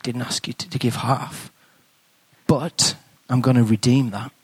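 A man voicing God as a calm, low, measured voice inside his head. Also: husky, dry recording. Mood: insistent.

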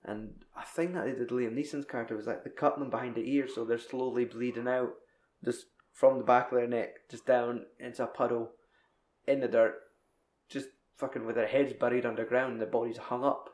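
Guy, young, casual rambly swearing chat, normal pitch, echoey room sound. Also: flat delivery, brisk, a little mellow. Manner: rambling, sweary film recap.

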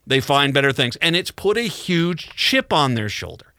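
Radio host, male, bright forward tone, dry close mic, loose rambling storyteller. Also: on the high side, very animated, normal speed, no room sound. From Midwest United States. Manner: rambling storyteller with frequent restarts and chuckles. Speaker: radio talk show host. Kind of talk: casual monologue.

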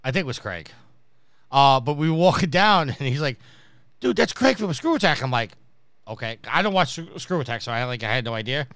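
A podcast host from New York with a bright, forceful voice and a crisp, clean tone. He chats casually and tells anecdotes, putting on voices for the people in them. The sound is dry and close. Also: medium pitch, lively intonation, fairly quick, no room sound. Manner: storytelling, acting out quoted people.

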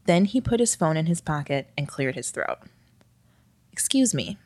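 A woman reads a story aloud with a wry, lightly expressive delivery. Her voice sits very low for a woman, and the recording is dry and close, with no room sound. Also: fairly quick, dry recording. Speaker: narrator. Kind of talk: scripted storytelling narration.

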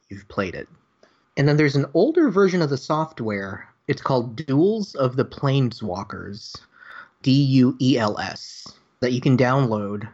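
A man's voice: mid-range voice, expressive, a little slow, darkish tone, muffled recording. A man talking as a guest on a podcast, explaining a card game with enthusiasm. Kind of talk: casual podcast chat.

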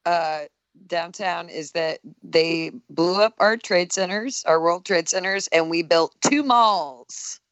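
A woman's voice: lowish voice, slow pace, dry recording. A woman co-hosting a podcast in loose, casual chat, her jokes delivered dry and wry. The sound is dull and lo-fi, with almost no room to it. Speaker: podcast co-host.

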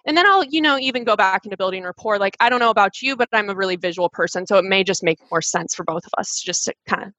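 A woman guest talking fast and animatedly about sales calls, with many restarts. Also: medium pitch, pushed and bright, dry recording. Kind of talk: casual interview chat. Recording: dull dry sound.

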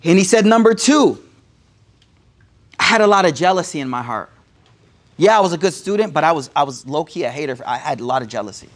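A man's voice: a little high, animated, fairly quick, long pauses. A man preaching, retelling a story with casual slang and Arabic quotes mixed in. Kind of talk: sermon storytelling.

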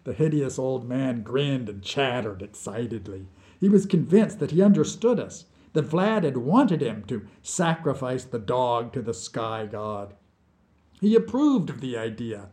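A man reading his own short story aloud as scripted narration, with slow, deliberate storytelling. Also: mid-range voice, sing-song, dark tone.

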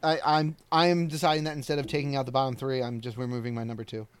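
A man's voice: mid-range voice, flat delivery, fast talker, smooth, no room sound. A man co-hosting a casual movie podcast, hesitant and searching for words, with mild swearing. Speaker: podcast co-host.

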